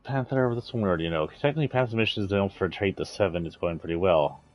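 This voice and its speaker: A man's voice: deep voice, fast talker, dull audio, faint music behind. A man streaming a video game, chatting casually in an offhand, rambling way and swearing now and then. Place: indoors, playing a video game.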